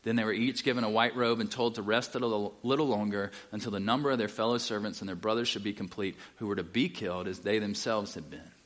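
A man's voice: fairly low pitch, steady tone, fast, hardly any pauses, a bit bright. Casual male Bible teacher. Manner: casual, checks in with listeners; reads scripture aloud. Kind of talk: conversational sermon.

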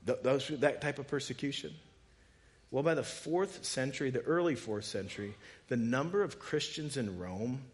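A man preaching a sermon as pastor, moving from quiet conversational asides to loud, impassioned rhetorical questions. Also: mid-range voice.

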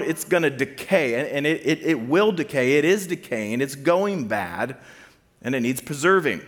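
A man's voice: on the high side, animated, normal speed, a bit bright, in a large hall. A man giving a conversational sermon to a student ministry, casual and full of fillers, repeating key points for emphasis.

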